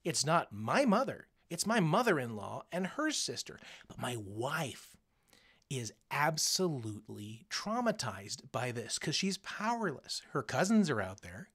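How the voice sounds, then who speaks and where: Animated man teaching, pitch swinging widely. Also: measured pace, breathy edge. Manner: animated, acts out quoted voices; coaching, conversational. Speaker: teacher speaking to students. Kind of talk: recorded lesson.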